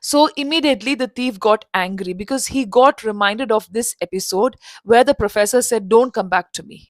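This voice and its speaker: A woman's voice: medium pitch, no room sound. A woman telling a story for learners in a conversational way, with restarts and asides. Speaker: storyteller and English teacher.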